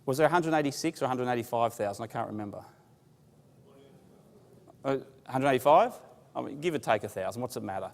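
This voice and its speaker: A man with a mid-range voice, vocal fry and lively intonation talks fairly quickly but pauses often while giving an informal bible class. Long hall reverb surrounds his humorous, conversational storytelling and the questions he asks the audience.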